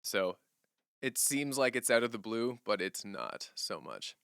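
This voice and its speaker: Young male streamer, bright and crisp tone, dry close sound, loose, chatty and laughing. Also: fairly low pitch, measured pace, no echo. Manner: relaxed, rambling, laughs often. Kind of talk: casual livestream chat answering viewers.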